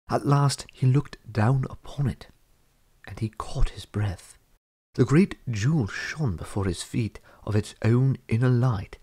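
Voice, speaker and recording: A man narrating a fantasy storybook chapter in a measured reading voice. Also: lowish voice, a little mellow, husky. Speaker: audiobook reader.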